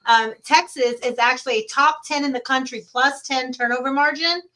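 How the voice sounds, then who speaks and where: A woman with a bright, sharp voice co-hosts a casual sports podcast. Her pitch sits a little high, and she reads out numbers briskly. She chimes in with quick remarks. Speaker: podcast co-host.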